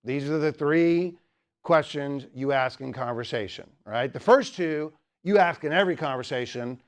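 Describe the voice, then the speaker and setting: A man's voice: on the high side, moderate pace. A young man teaching a student club in a humorous lecture, teasing the audience and chatting with lots of fillers. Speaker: teacher giving a talk.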